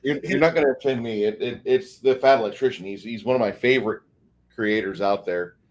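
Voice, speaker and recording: A man as a guest in a casual chat, relaxed and swearing now and then. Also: medium pitch, brisk, a little hiss or hum. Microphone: video call.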